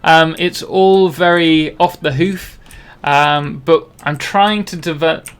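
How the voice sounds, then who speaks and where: A man's voice: a little high, fairly even intonation, slow pace, a bit bright, smooth. A young man from Britain chatting casually on a live game stream, rambling and self-deprecating, with many ums and restarts. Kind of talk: casual live-stream chat while playing.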